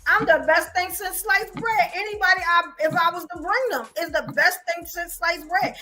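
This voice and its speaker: A woman's voice: extremely high pitch, moderate pace, pushed and bright, faint music behind. A woman from New York with a New York accent, chatting animatedly and boastfully on a podcast with frequent laughs. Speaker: podcast co-host. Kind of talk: casual chat.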